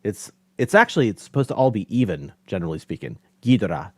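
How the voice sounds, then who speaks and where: A man, a podcast host guesting on a live stream, talking casually and enthusiastically, laughing often and slipping in quick asides. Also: on the low side, sing-song, no room sound.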